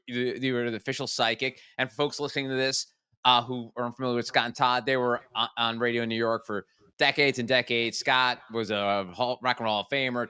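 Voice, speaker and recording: A man's voice: medium pitch, bright, forceful tone, clear, resonant tone, no echo, studio quality. A man hosting a casual interview, chatty and joking, with a lot of "uh" and "like" as he asks questions. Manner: chatty, joking, many fillers. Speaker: podcast host.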